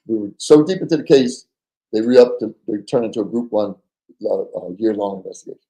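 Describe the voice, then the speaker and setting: A man telling a story as a podcast guest, animated and acting out the voices of people in it, often stammering and repeating words. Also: lowish voice, brisk, echoey room, poor audio. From New Jersey. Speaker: podcast guest, former undercover FBI agent. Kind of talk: casual storytelling.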